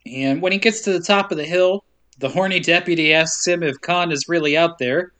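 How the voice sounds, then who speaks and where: A man with a bright, slightly high voice tells a movie story for a podcast. He acts out the characters' lines with playful, swearing humor. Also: fairly quick. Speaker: podcast co-host. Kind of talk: casual movie recap chat.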